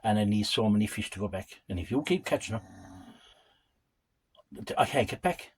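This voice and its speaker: Mysterious ancient old stranger on a beach, voiced by an older Irish man as he tells the tale, husky and low-key. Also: expressive, moderate pace. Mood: urgent.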